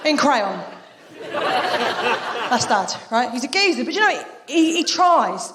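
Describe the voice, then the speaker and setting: A woman's voice: normal speed, long pauses, a faint crowd, a little hiss or hum. A woman performing a live stand-up set on a theatre stage, telling jokey stories with big swings in her voice. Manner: animated, jokey storytelling with big pitch swings. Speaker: stand-up comedian. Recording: roomy live venue sound.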